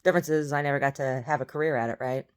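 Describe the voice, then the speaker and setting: A woman's voice: extremely low pitch, steady tone, rapid-fire, clean tone. A woman talks from her bed, still groggy with her first-thing-in-the-morning voice. She rambles through a casual monologue, blunt and full of opinions. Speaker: vlogger. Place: in bed at home.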